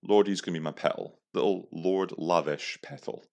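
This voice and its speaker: A man's voice: low-pitched, fairly even intonation, moderate pace, creaky, darkish tone. A young man hosting a podcast, telling a story in a crude, profane, comic rant. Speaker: podcast host. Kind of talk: casual storytelling monologue.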